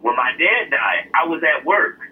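A man's voice: a little high, big pitch swings, moderate pace, phone-quality sound, slight background noise. A man co-hosting a podcast, telling a personal story in earnest with fillers and a laugh now and then. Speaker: podcast co-host. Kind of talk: casual podcast chat.

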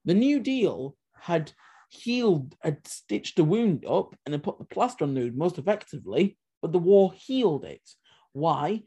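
A man's voice: a little high, sing-song, a little slow, warm tone, husky. A man co-hosting a history podcast, talking animatedly with sarcastic asides. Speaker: podcast co-host. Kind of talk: casual history podcast discussion.

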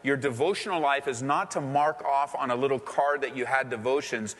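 A male pastor preaching a sermon in a church, with impassioned delivery that climbs high when he voices prayers. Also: a little fast, hardly any pauses, fairly bright tone, long reverb tail. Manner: impassioned preaching, voice rising sharply in acted prayers. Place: church sanctuary.

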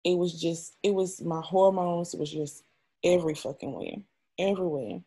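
A woman's voice: on the low side, fairly even intonation, moderate pace, warm tone, husky. A young adult woman, an interview guest, telling a personal story in a raw, emotional and frank way, often swearing.

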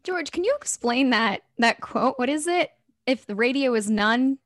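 A woman's voice: high voice, lively intonation, moderate pace. Giggly young woman hosting college radio. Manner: giggly and self-deprecating. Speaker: radio host and station manager. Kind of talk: casual radio chat.

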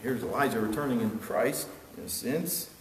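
A man preaching a sermon earnestly, building to emphatic peaks and then dropping quiet. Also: mid-range voice, expressive, moderate pace, slight background noise. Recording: echoey hall with long reverb, faint ambience.

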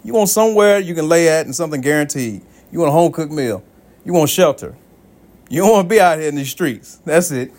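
A man's voice: a little high, a little fast. A man, likely in his thirties, hosting a solo podcast, telling casual stories with lots of swearing and laughter. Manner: animated storytelling, swears freely, laughs often, voices friends in quotes. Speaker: podcast host.

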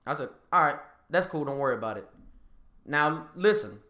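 Podcast guy telling a story, voice jumps all over, bright, echoey room. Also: moderate pace. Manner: animated, laughing storyteller, rises high when excited. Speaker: podcast host. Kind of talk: casual storytelling chat.

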